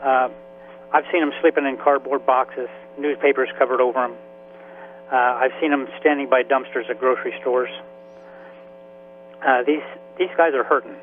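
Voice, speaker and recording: A man in his seventies, a veteran and author, telling his story in a halting, emotional way with many restarts. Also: mid-range voice, fairly even intonation. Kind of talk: radio interview by phone. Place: Florida. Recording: tinny phone line with faint hiss.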